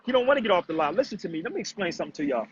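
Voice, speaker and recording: A man's voice: high-pitched, big pitch swings, racing, slightly rough. A man hosting a casual livestream, lecturing his viewers and calling out a commenter in a preachy, confrontational way. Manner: preachy, confrontational, addresses chat as family. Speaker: livestream host. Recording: dull, muffled lo-fi livestream audio.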